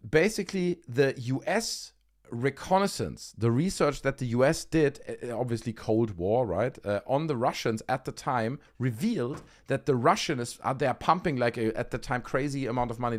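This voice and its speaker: A man's voice: medium pitch, lively intonation, normal speed. A man hosting a livestream, giving casual, sarcastic commentary and swearing freely. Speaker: livestream host.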